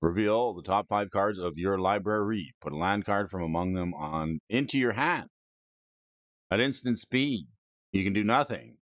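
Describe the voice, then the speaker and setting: A man's voice: fairly low pitch, moderate pace, no room sound. A man hosting a casual stream, rating game cards aloud with playful, goofy asides and silly wordplay. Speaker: host. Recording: dry, dull lo-fi mic.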